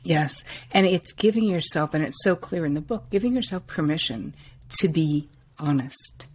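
A woman therapist hosts a podcast interview in a deep, breathy voice. She responds warmly to her guest and slows down on the words she wants to stress. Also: expressive.

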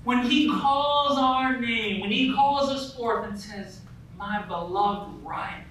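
A man's voice: extremely high pitch, fairly even intonation, takes it slowly, a bit bright. A man preaching a sermon as pastor, talking conversationally with frequent "right?" asides and stories about his family. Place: church sanctuary. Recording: echoey hall, voice from a distance, faint noise.

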